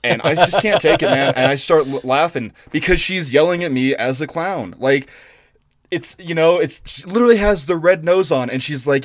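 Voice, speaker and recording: A man co-hosting a podcast, chatting casually and telling stories in an animated, swearing way. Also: fairly high pitch, a little fast, dry recording, studio quality. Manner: animated, profane storytelling with restarts. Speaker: podcast co-host. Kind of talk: casual chat.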